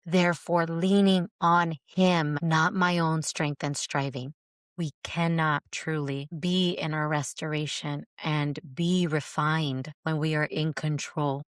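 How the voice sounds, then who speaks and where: Lady host doing a reflective faith talk, kinda low voice, earnest and repetitive, dry sound. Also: flat delivery, slow, clear, resonant tone, no room sound. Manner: earnest, repetitive emphasis, quotes scripture. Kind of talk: reflective spoken teaching.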